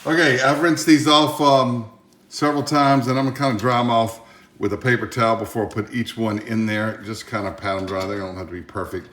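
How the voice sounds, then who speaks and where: Pots clatter in an echoey home kitchen as a man demonstrates a dish for his cooking channel, chatting loosely with homespun jokes. His voice is medium-pitched, fairly bright and brisk, with fairly even intonation.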